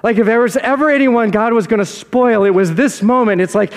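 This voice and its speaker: A man with a high, light voice preaches to his church in a loose, conversational way, tossing out rhetorical questions to the room. His words ring out with a long reverb trailing behind them. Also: brisk, hardly any pauses. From South Jersey. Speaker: pastor. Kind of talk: sermon. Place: church sanctuary.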